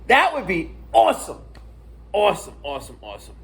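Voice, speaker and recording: Husky, lively New man ranting. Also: high-pitched, fairly quick. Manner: profane, animated storytelling. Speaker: internet personality. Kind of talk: casual ranting vlog.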